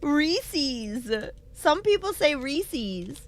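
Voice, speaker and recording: A woman chatting live with her stream's viewers in a playful, animated way, reading their messages aloud and laughing easily. Her voice sits fairly high and swoops all over. She speaks unhurriedly, into a desk microphone. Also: slow pace, background noise.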